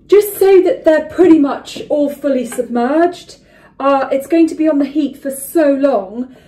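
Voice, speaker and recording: Mellow-voiced Englishwoman talking through a recipe. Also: on the high side, low-quality recording. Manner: chatty, instructive, with frequent ums. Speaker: cooking vlogger. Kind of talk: cooking demonstration. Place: home kitchen, indoors.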